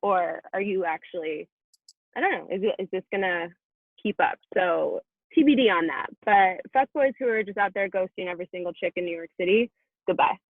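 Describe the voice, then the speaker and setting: A woman's voice: lowish voice, lively intonation, fairly quick, dry recording. A young woman guest chatting casually and wryly on a podcast. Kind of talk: casual chat. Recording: tinny phone-like call audio.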